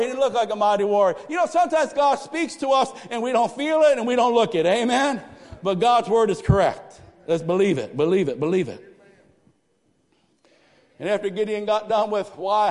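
A man preaching a lively sermon, swinging from loud cries to hushed asides. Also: very high-pitched. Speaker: pastor. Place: church sanctuary. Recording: live church sanctuary with long reverb.

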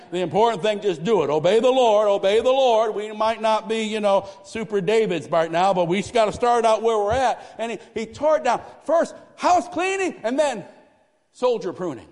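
High-voiced preaching man in echoing church. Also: moderate pace. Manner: animated preaching, swinging from loud exclamations to hushed asides. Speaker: pastor. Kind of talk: sermon. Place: church sanctuary. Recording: live church sanctuary with long reverb.

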